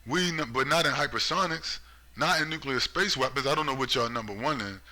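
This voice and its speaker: Casting note: ranting political commentator, a man with a very bright, sharp voice, sarcastic and profane. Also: mid-range voice, brisk. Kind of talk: ranting monologue.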